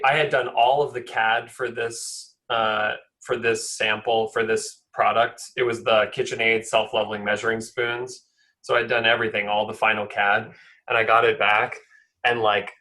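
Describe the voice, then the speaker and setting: Bright-voiced jokey man. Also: medium pitch. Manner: chatty, jokey. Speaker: podcast co-host. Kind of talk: casual chat.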